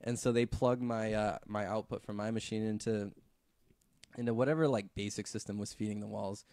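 Fairly low and fairly quick, this man's voice comes through a dry recording. He's a visual effects artist sharing a story in an informal podcast conversation, relaxed, crammed with fillers and swearing freely.

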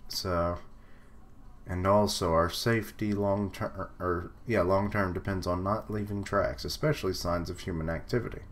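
A man's voice: low-pitched, steady tone, moderate pace. A young man reading manga panels aloud and commenting in a casual live reaction, with frequent fillers and little laughs.

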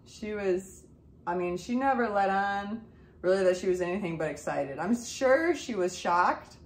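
A woman's voice: mid-range voice, a little slow. Mother retelling her story in an echoey room. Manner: emotional, animated retelling with quoted dialogue. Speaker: mother telling the family's story. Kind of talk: casual storytelling to camera.

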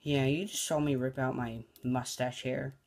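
A man's voice: mid-range voice, flat delivery, normal speed, a little mellow. A young man making a goofy comedy sketch video, silly and jumpy, dropping to mumbles and then popping back up. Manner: silly and jumpy, swinging between mumbles and yelps. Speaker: video maker.

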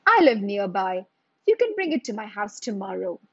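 A woman voicing a rich, bored male nobleman who is quick to get impatient, for a storybook reading. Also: medium pitch, sing-song, fairly bright tone, no echo, dull audio. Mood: haughty. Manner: bored, then quick to anger.

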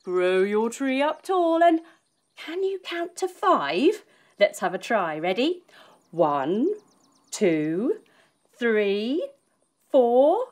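A woman's voice: high-pitched, big pitch swings, slow pace, pauses often, a little mellow. A woman leading a children's yoga lesson as a story, playful and encouraging. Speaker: kids yoga teacher.

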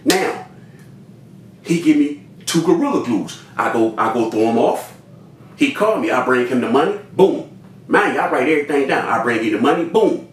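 A man telling a story in an animated way, addressing his listeners directly and acting out other people's lines. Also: moderate pace. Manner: talks straight to listeners, repeats cues to remember; acts out other people's lines with big pitch jumps. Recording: roomy sound from a distant mic with faint noise.

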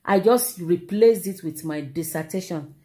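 A middle-aged Nigerian woman vlogging, telling a personal story in an animated, exclamatory way and repeating herself for emphasis. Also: fairly low pitch, measured pace. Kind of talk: casual storytelling to camera.

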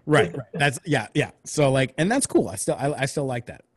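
A man's voice: mid-range voice, very animated, moderate pace, breathy edge. A man in casual brainstorming chat about script notes, rambling with lots of fillers and acting out character lines. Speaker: screenwriter discussing script notes.

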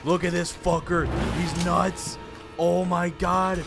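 A young man streaming a horror game, excitably swearing and yelling at what happens on screen. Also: high voice, slow pace, vocal fry. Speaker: gaming streamer. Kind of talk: horror game let's play. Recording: loud game music behind voice.

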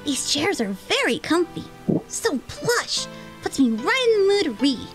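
Giggly woman voicing game lines, super high voice, slow. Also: very animated. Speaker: player voicing characters. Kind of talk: playful voice acting over a game. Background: game music.

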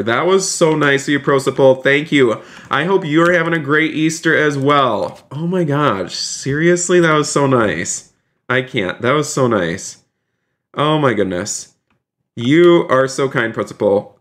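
A man streaming a game live, excitable and gushing with thanks, repeating exclamations and saying he is about to cry. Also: medium pitch. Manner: effusive, gushing thanks to donors.

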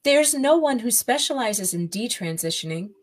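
A woman's voice: a little high, lively intonation, normal speed, rough recording. Indignant, emphatic woman podcast guest. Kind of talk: conversational podcast interview.

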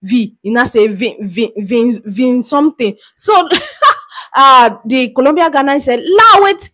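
A young woman from Nigeria talks through street interview clips in a loose, chatty way. Her voice sits a little high, and she breaks into laughs and animated asides as she goes. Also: measured pace. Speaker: reaction video host. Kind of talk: casual reaction commentary.

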